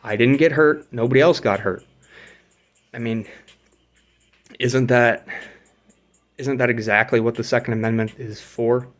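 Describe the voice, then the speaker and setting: A man's voice: medium pitch, fairly even intonation, unhurried, long pauses. A young man casually telling a story, swearing freely, acting out the dialogue and pointing out where things happened. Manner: profane, acts out quoted dialogue; points out spots while telling. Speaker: vlogger.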